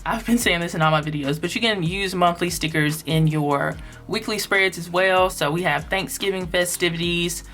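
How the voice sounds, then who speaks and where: Chatty woman with a lowish voice. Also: fairly bright tone. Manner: chatty, upbeat, lots of ums and likes. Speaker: planner sticker vlogger. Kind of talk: casual flip-through narration.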